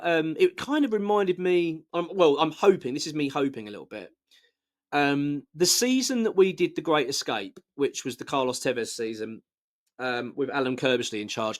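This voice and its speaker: Passionate man, fairly high voice. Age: adult, married. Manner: passionate and blunt, with frequent restarts. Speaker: fan channel host. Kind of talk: casual football fan commentary.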